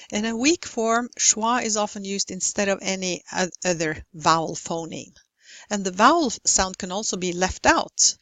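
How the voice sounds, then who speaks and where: A woman teaching English pronunciation in a recorded lesson, speaking in a careful, deliberate way and stretching out example words. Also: medium pitch, fairly bright tone, dry recording, rough recording. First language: Norwegian. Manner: slow, careful, deliberate delivery with exaggerated model words.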